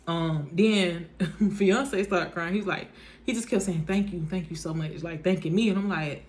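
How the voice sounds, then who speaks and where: A woman's voice: lowish voice, moderate pace. A young woman, casually telling her viewers a personal story, acting out what everyone said. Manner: chatty, animated, speaks in reported dialogue, says "y'all" often.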